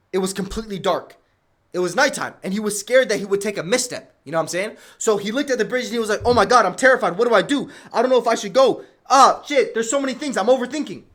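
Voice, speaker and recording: A young man livestreaming, giving casual slang-heavy advice to his chat and telling stories. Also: high-pitched. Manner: slangy, animated, storytelling with asides.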